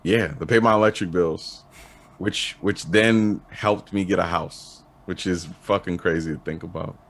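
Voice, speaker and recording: A man talking as an interview guest in casual chat, laid-back and halting, swearing casually. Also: deep voice, steady tone, fairly bright tone. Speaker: interview guest, clothing designer.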